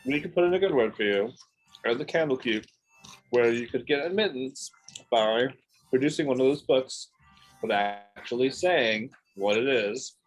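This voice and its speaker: A man playing in a tabletop game, negotiating in character and laying out options in a diplomatic, deliberate way. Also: mid-range voice, lively intonation, faint music behind, poor audio. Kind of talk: in-character tabletop role-play.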